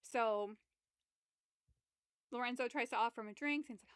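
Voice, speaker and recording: A woman's voice: a little high, brisk, long pauses, a bit bright, clear, resonant tone, dry recording, studio quality. A woman co-hosting a podcast, casually retelling a book's plot, rambling, swearing freely and acting out the characters' lines. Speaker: podcast co-host. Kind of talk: casual book recap chat.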